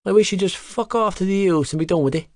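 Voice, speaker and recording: A man voicing an angry, hot-headed teenage boy rugby player who shouts insults in an audiobook. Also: a little high, normal speed, no echo, studio quality, pitched above the performer's own voice, natural voice. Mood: furious. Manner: shouting, spitting insults, voice cracking. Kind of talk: audiobook character voice.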